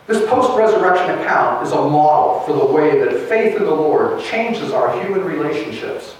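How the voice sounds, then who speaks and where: A man's voice: a little high, slight background noise. A man preaching a sermon as pastor, retelling a gospel story in a storytelling way. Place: church sanctuary. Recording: echoey church from a distance.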